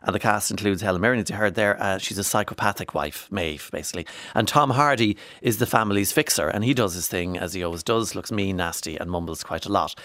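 A man presents a radio programme in a casual, rambling way, dropping fillers as he goes. His voice sits low. The studio sound is close and dry. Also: fast, few pauses, fairly bright tone, no room sound. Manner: chatty, with frequent fillers.

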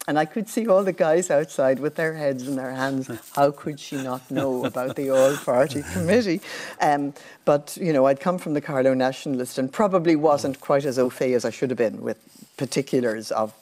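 An older Irish woman, a former television journalist, telling anecdotes in a relaxed interview. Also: very deep voice, brisk. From Ireland. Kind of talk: casual storytelling.

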